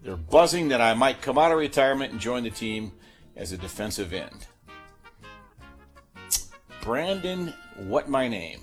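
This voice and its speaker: A male sports talk host with a lively, swooping delivery and a mid-range voice. He rambles casually through his clues, full of fillers and restarts, with faint music playing underneath. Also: mid-range voice, unhurried, pauses often. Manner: animated, chatty, with filler-heavy restarts. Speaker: sports talk host running a guessing game. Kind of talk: casual sports radio chat.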